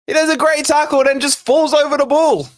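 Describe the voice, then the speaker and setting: A man hosting a live fan watch-along, commentating on play and chatting with viewers, excitable and quick to shout at near misses and fouls. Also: very high voice. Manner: chatty, talks to viewers and co-host. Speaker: fan channel host.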